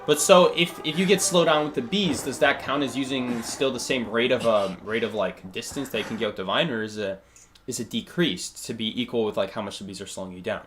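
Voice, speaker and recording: A man's voice: medium pitch, fairly quick, fairly bright tone, soft background music. A man thinking aloud through a live gameplay stream, answering chat questions with plenty of fillers and restarts. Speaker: game streamer.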